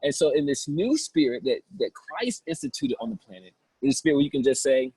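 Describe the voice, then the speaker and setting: A man leads a spiritual seminar with a husky, breathy voice and a fairly high pitch for a man. He preaches in a casual, colloquial way and acts out the voices he quotes. The sound is dry and close. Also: sing-song, brisk, hardly any pauses, dark tone, no echo, low-quality recording. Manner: impassioned, acting out quoted voices. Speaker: spiritual teacher giving a seminar.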